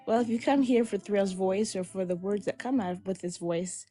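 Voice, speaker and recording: A woman co-hosting a casual live-stream chat, who speaks with halting restarts and laughs often. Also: mid-range voice, mellow, soft background music.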